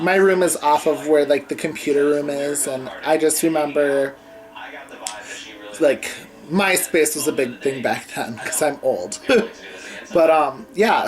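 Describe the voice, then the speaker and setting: A man's voice: on the high side, rough recording. A young man recounts a personal story in a casual home vlog. He rambles loosely, piling on fillers and "like"s as he goes. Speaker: vlogger. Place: home bedroom with a TV on.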